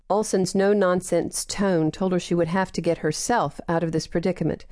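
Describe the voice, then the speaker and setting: Lady reading an audiobook, lowish voice, super dry close sound. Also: steady tone, moderate pace, few pauses, a little mellow, dry recording. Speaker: audiobook narrator. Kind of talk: scripted narration.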